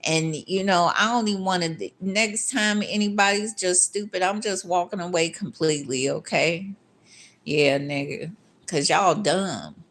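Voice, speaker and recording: A woman vlogger ranting to her viewers in a casual monologue, with a voice sitting a little low for a woman. She is blunt and heavily profane, and she circles back over the same angry words as she works herself up. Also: a little slow, a bit bright. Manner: angry, repeats herself when worked up.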